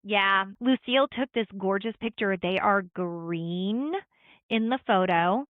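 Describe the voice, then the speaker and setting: A woman's voice: mid-range voice, takes it slowly, no echo. A middle-aged woman co-hosting a podcast, telling a travel story in casual chat, full of "like" and acted-out quotes. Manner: storytelling with many likes and quoted asides. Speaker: podcast co-host. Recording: tinny phone-like sound.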